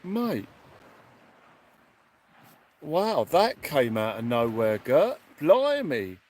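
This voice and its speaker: A man hosting a casual fishing livestream outdoors at night, excitedly thanking viewers. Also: a little high, extremely slow. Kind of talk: casual live chat.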